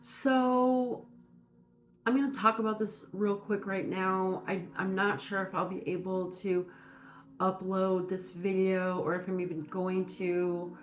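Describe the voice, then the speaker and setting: A woman from Minnesota giving a casual spiritual message, talking in a meandering, halting way with many fillers. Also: mid-range voice, level tone, soft background music. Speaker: spiritual reader.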